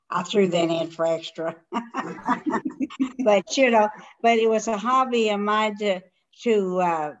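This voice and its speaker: Older lady hosting a chat over a video call, halting, rambly, kinda muffled sound. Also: mid-range voice. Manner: halting and rambling, many restarts. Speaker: host. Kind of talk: casual video conversation.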